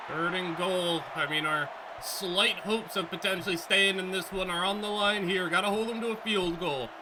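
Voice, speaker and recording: A man giving excitable let's-play commentary on a football video game, reacting aloud to each play. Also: high-pitched, normal speed, noisy background. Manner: excitable, talks back to the game. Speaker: gaming YouTuber.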